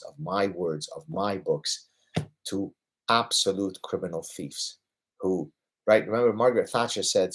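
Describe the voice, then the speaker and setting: A man in his fifties hosting a livestream Q&A, answering viewers emphatically and often tagging points with a rhetorical "right?". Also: sits low. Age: 50s. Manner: lively, getting excited about his passions. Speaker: host answering viewer questions.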